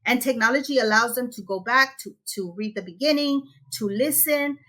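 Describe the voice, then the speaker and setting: Bright, energetic woman educator. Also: a little high, normal speed. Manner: energetic, animated teacher talk. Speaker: guest educator on a webinar. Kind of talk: webinar presentation. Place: Texas.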